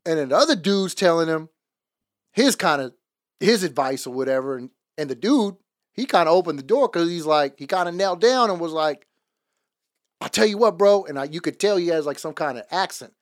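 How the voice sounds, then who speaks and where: A man in a casual faith podcast who tells his stories loosely and with humor, dropping into the voices of the people he quotes. His voice sits a little high for a man. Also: a little fast. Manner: relaxed storyteller, acts out quoted voices, laughs often. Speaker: podcast co-host. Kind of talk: casual faith talk, storytelling.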